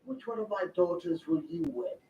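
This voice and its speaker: A man's voice: high voice, big pitch swings, normal speed, warm tone. An actor playing a scornful older male lord who speaks in a contemptuous, commanding way. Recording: muffled TV audio, heard from afar.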